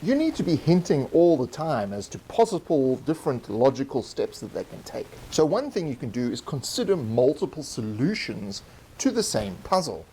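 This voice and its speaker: A man with a mellow, lively voice explains how to help stuck players. The audio is poor, with faint noise underneath. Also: mid-range voice, normal speed. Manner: instructive. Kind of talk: explaining game tips.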